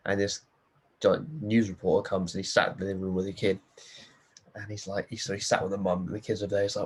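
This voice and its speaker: A man's voice: deep voice, level tone, fast talker, husky. A man in casual podcast chat, telling a story animatedly and acting out the quotes.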